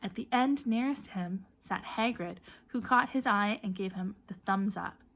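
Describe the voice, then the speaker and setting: A woman narrates an audiobook in a bright, forward voice. She reads in a lively way and gives called-out names and shouts plenty of energy. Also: mid-range voice, measured pace. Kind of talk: storybook narration.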